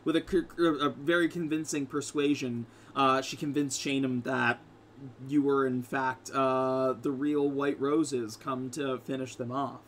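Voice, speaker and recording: A man's voice: mid-range voice, fairly even intonation, a little slow, fairly bright tone, slight background noise. A man narrating as game master in a casual, rambling way with frequent fillers and restarts.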